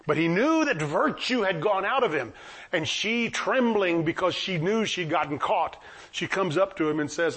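A man preaching a sermon, retelling stories with lively acted-out voices for the people in them. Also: sits high, normal speed, slightly rough. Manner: animated, acts out the people in the stories. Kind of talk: sermon, storytelling.

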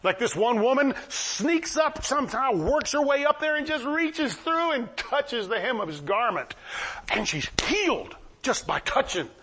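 Animated husky-voiced male preacher. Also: extremely high pitch, a little slow. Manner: animated, acts out the people in the stories. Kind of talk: sermon, storytelling.

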